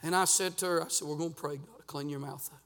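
Pastor guy preaching in church, high voice, lots of uh's, gets shouty. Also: steady tone, fast talker, big-room sound. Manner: folksy preaching with frequent "uh" fillers; fervent, rising to shouts. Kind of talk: sermon. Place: church sanctuary.

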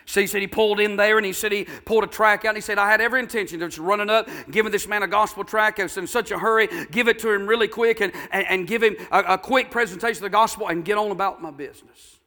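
A preacher man with a high, bright voice tells a story from the pulpit in a folksy, homespun way. He swings from hushed asides to fervent, ringing exhortation. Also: fairly even intonation, fast, hardly any pauses. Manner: folksy, builds to shouting fervor. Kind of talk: sermon storytelling.

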